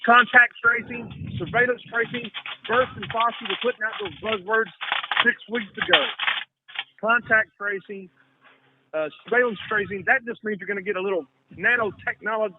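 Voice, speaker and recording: A man's voice: high voice, fairly quick. A man in casual conversation, talking in a rambling, profane way and repeating himself. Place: lives in Texas. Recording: tinny phone-like line, faint hiss.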